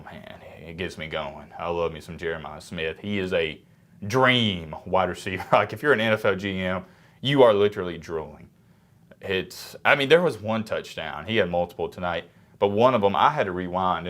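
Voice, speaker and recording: A young man with a cold giving casual, low-energy sports commentary to camera, sometimes moving away from the mic. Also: a bit bright. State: sick, congested. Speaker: sports reaction YouTuber.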